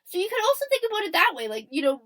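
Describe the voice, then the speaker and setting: A woman's voice: very high voice, big pitch swings, racing, fairly bright tone, low-quality recording. A young adult woman hosting a casual commentary podcast, chatty and checking in often with "okay?" while acting out what people said. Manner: acts out quoted lines and laughs. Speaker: podcast host.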